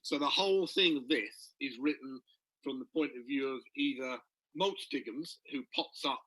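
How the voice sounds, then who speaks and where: A man with a bright, forward voice, recorded close and dry. He chats casually with his longtime co-writer, laughing often and acting out other people's voices in his anecdotes. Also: mid-range voice, normal speed, no echo, poor audio. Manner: chatty, laughs easily, mimics other voices. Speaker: co-writer of graphic novels and guides. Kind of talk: casual chat between friends. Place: recorded video conversation.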